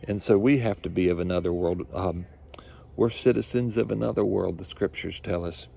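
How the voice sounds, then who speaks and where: A man's voice: low-pitched, moderate pace, gravelly, dark tone, husky. A male pastor preaching a sermon, earnest and repetitive, building his points with rising emphasis.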